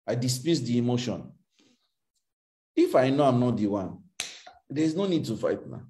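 In a motivational session, a man teaches and fields audience questions, emphatic and repetitive, using faith phrases and acting out quoted dialogue with big leaps in pitch. He is very animated and warm-toned, speaking at a normal speed with frequent pauses.

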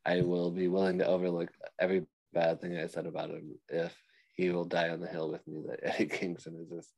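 A man's voice: low-pitched, completely flat delivery, fairly quick, gravelly, darkish tone, poor audio. A man co-hosting a casual podcast, joking and laughing often as he mocks wrestlers. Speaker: podcast co-host.

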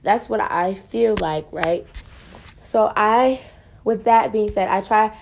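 A woman's voice: mid-range voice, slow pace, vocal fry, a little mellow, slight background noise. A woman student venting in a casual, rambling monologue for her podcast, frustrated and full of fillers.

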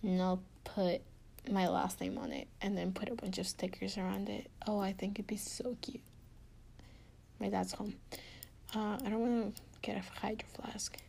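Soft, giggly woman with a low, gravelly rasp. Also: level tone, moderate pace. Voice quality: soft, often half-whispered. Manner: giggly and rambling. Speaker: podcast host talking to her partner. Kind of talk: intimate casual chat. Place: indoors at home.

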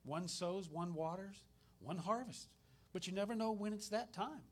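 A man's voice: high voice, moderate pace. Chatty man preaching. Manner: conversational storytelling, animated retellings. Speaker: minister. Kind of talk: sermon with personal stories.

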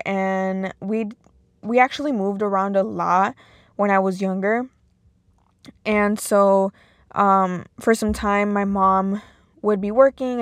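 A woman's voice: medium pitch, no room sound. A young woman speaks in a mid-range voice, candid and a little emotional, her speech full of "like" and restarts. The sound is dry and close, with no room around it. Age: young adult. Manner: casual, emotional, filler-heavy with many "like"s. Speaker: podcast host. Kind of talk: personal monologue.

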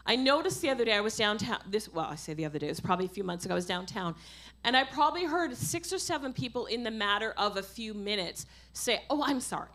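A middle-aged woman preaching a sermon, impassioned, swinging from quiet asides to loud exhortation. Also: medium pitch, expressive, fast talker. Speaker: pastor.

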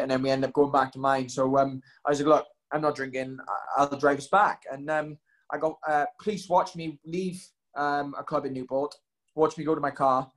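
A young man telling stories in casual chat, rambling with lots of ums and likes. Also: medium pitch.

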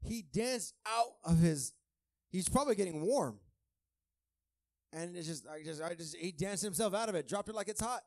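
A man preaching with a fairly high voice, easygoing and joking one moment, then building to shouted, half-sung praise. The sound is dry and close, with no room around it. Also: expressive, moderate pace, no echo. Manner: swings from quiet asides to shouted, sung-out praise; conversational and joking. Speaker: pastor. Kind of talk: sermon.

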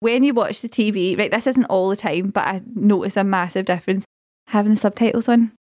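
Fast-talking Scottish woman, dry sound. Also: mid-range voice, a little mellow, dry recording. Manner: quick, questioning, conversational. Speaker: podcast co-host. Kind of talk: casual chat.

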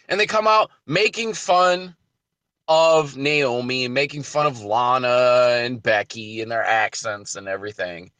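High, animated man ranting on a podcast. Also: no room sound. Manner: emphatic, ranting rhetorical questions. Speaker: podcast host. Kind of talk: wrestling podcast commentary.

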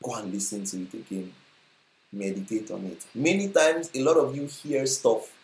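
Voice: mid-range voice, normal speed. Emphatic Nigerian preacher in an echoing hall. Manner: emphatic, repeats phrases, asks the crowd rhetorical questions. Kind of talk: live sermon. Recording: roomy hall echo.

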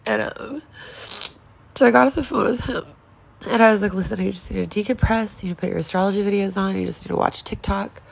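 A woman's voice: mid-range voice, creaky. A woman in her forties in a casual confessional vlog, upset and near tears, talking in a raw, rambling way with lots of swearing. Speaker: vlogger.

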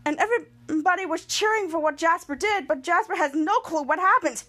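A woman with a high voice casually recaps a TV episode on her podcast. She retells the scenes in long chains of "and then," and often breaks off to restart a sentence. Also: fairly quick, bright, forceful tone. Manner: retells scenes with frequent restarts and quoted lines. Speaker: podcast host.

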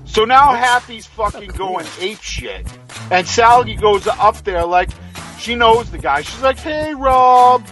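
A man's voice: high voice, expressive, measured pace, a bit bright, soft background music. A man telling a heated, profane story in casual podcast chat. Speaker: podcast co-host.

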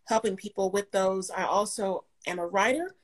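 A woman guest in a casual book chat, talking with a warm manner and frequent laughter. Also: medium pitch, moderate pace, poor audio.

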